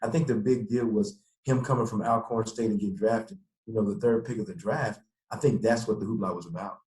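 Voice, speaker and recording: A man, a former pro football player, telling animated stories in an interview and acting out the people he quotes. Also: fairly low pitch, fairly quick. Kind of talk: interview storytelling. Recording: echoey room.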